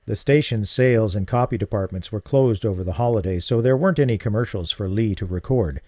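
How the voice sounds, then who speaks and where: Male audiobook narrator, steady and even, with a warm, dark tone; dry, close recording. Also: fairly low pitch, fairly quick, no room sound. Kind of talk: scripted narration.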